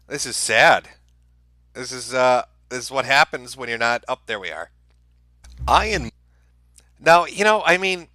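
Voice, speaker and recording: A man rants through a live-stream commentary, sarcastic and full of swearing. His voice is very bright and swings up and down in pitch, recorded close and dry. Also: dry recording. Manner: heated, profane, sarcastic rant. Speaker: streamer host.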